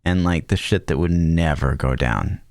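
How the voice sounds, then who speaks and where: A man's voice: very deep voice, normal speed, vocal fry, darkish tone, no room sound, studio quality. A man co-hosting a podcast, reacting with teasing jokes in casual chat. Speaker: podcast co-host.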